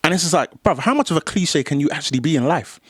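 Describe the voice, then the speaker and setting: A man's voice: on the high side, animated, fast talker, fairly bright tone, breathy edge, no echo, studio quality. A man, co-hosting a podcast and retelling a story with emphatic commentary in casual chat. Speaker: podcast co-host.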